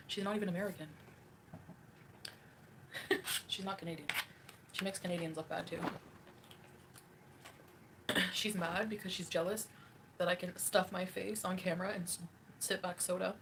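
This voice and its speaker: A woman's voice: fairly low pitch, noisy background. A woman livestreaming, reading chat and ranting in a catty, mocking way with frequent laughs.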